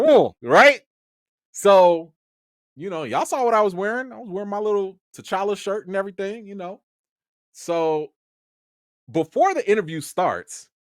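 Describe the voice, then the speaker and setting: A man from Chicago, a film critic hosting his own channel, telling an excitable, slangy story on a livestream. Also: a little high, no room sound, clean studio sound.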